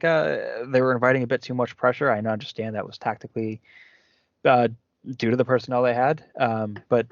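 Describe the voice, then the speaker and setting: A man's voice: medium pitch, no echo. A man, a podcast guest, chatting reflectively and hesitantly about a match. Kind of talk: casual sports podcast chat. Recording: dry, dull lo-fi sound.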